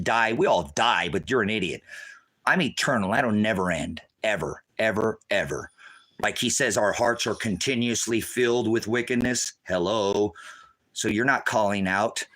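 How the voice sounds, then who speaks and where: A man's voice: fairly low pitch, fairly bright tone, low-quality recording. A middle-aged American man preaching off the cuff, combative and rambling, scolding his listeners. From United States.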